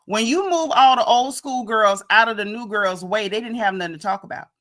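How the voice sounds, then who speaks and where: Speaking fairly quickly in a slightly high, somewhat bright voice, this streamer offers blunt, casual opinions on a reality show and calls out to viewers in the chat. Her talk is chatty and opinionated, thick with "like" and "you know."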